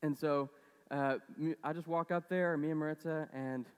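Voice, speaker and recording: A man's voice: a little high, steady tone, moderate pace, clear, resonant tone, in a large hall. A man preaching a casual sermon, conversational and storytelling, with lots of fillers. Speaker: pastor.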